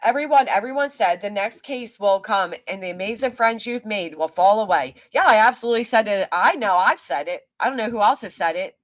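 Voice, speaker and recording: A woman's voice: medium pitch, animated, fairly quick, hardly any pauses. A woman live streaming, ranting angrily with heavy cursing and talking back to her chat. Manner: heated, profane, talks back to chat. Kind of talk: angry livestream rant.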